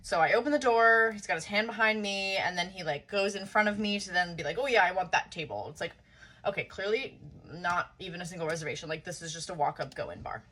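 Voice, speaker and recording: A woman vents about a short, bad date with sassy exasperation. Her voice is bright and forward, and her delivery is loose, casual and full of swearing. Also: on the low side, fairly quick. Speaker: content creator. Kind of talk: casual storytime vlog.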